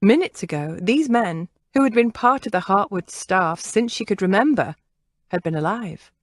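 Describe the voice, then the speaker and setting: A woman narrating a historical novel in a measured, expressive reading. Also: mid-range voice, no echo, clean studio sound. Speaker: audiobook narrator. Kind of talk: scripted narration.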